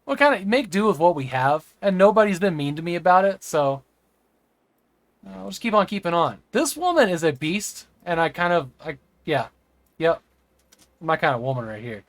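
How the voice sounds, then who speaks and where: Guy streamer rambling to chat while he plays, slightly high voice, dry close sound. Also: very animated, normal speed, no echo. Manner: rambling, chatting with viewers; occasionally stammers over words. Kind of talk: live gameplay stream chat.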